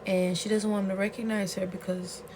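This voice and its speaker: A woman vlogger in a casual, excitable rant, retelling a webcomic plot with plenty of swearing and outbursts. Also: mid-range voice, a little fast, noisy background. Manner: excitable and profane, storytelling with gasps and outbursts.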